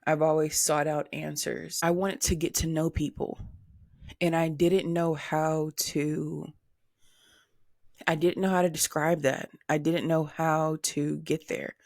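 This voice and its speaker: A woman in her twenties hosting a solo podcast, talking candidly and animatedly, with swearing and high-pitched mimicry of other people. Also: little pitch movement, measured pace, vocal fry, darkish tone, dry recording, clean studio sound. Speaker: podcast host.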